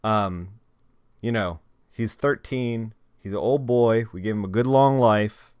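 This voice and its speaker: This is a young man hosting a live stream and chatting casually with his viewers. His voice is a touch low and clean, with a smooth, resonant tone. He rambles from thought to thought in a dry, close sound and talks straight to the people watching. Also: unhurried, darkish tone, dry recording.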